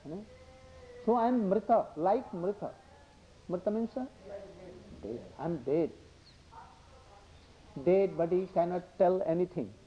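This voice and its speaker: An older man giving a devotional discourse, halting and repetitive, slipping into Hindi asides. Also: high-pitched, expressive. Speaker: religious speaker. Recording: dull lo-fi recording.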